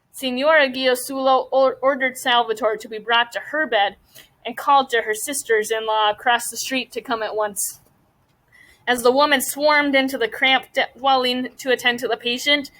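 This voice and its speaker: A woman's voice: fairly high pitch, fairly bright tone, low-quality recording. A woman teacher reading a novel aloud to her class and stopping to ask the students questions. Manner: pauses to question students about the story.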